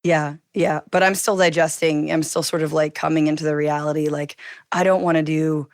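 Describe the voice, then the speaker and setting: Brief: woman, low voice, dry close mic, animated and scathing. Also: moderate pace, dry recording. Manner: animated, scathing political commentary. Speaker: guest. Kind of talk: casual chat.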